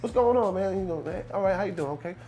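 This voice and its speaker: A man's voice: sits high, animated, quick pace, warm tone, highs cut off, pitched above the performer's own voice. A man doing an impression of a famous rapper casually greeting people at a party, with a drawling, easygoing manner.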